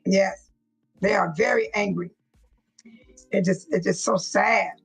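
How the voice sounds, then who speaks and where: A woman's voice: mid-range voice, slow, gravelly, slightly rough, faint music behind, poor audio. A woman hosting a livestream, reacting to clips with casual, emotional commentary and talking straight to her viewers. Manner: emotional, repeats herself, talks straight to viewers. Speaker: livestream host.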